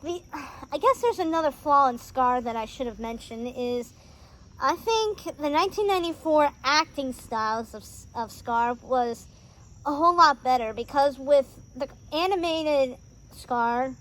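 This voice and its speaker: A woman hosting a casual movie review vlog outdoors on a driveway, talking in an excitable, rambling way with lots of fillers. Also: sits high, a little slow. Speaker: host reviewing films.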